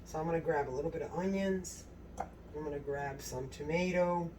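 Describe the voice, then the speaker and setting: A woman hosting a home cooking video in her kitchen, gushing with excitement and talking straight to her viewers in a casual way. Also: low-pitched, moderate pace, distant mic, slight background noise, rough recording. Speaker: cooking channel host.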